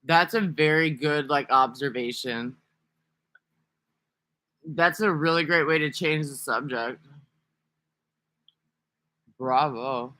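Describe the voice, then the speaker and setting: A man's voice: a little high, takes it slowly, pauses often, pushed and bright, no echo. A man talking casually to camera in a rambling, profane, sarcastic vlog monologue. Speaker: vlogger.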